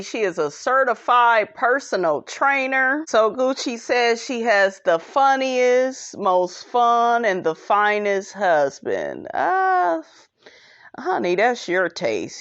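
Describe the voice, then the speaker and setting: A woman's voice: mid-range voice, fairly bright tone. Sassy gossiping woman podcaster, lo-fi. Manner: sassy, gossipy, talks straight to her audience. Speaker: podcast host. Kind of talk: casual reality show recap.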